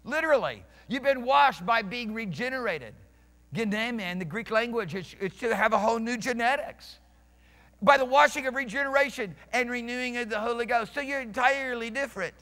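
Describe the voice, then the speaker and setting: A man's voice: very high voice, fairly quick, sharp tone. A male pastor preaching a sermon emphatically, restarting phrases and questioning his congregation. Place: church sanctuary. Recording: reverberant church hall.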